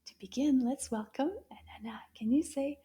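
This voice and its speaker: Woman, children's teacher, mellow warm tone, sing-song, cheerful. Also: high voice, moderate pace, slightly rough. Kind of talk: children's language lesson.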